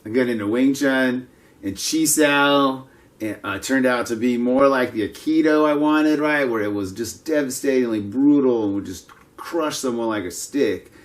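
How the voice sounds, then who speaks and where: A man's voice: medium pitch, moderate pace. A man in his fifties, vlogging casually outdoors, talking in a chatty, digressive, self-mocking way. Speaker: martial arts vlogger. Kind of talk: casual rambling monologue. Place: outdoors, with passers-by around.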